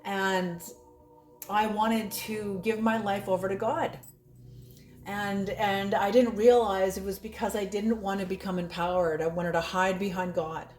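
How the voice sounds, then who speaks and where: A woman's voice: mid-range voice, fairly even intonation, unhurried, darkish tone, soft background music. A woman giving a casual spoken tarot reading, blunt and laughing often, swearing freely. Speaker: tarot reader. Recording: roomy echo.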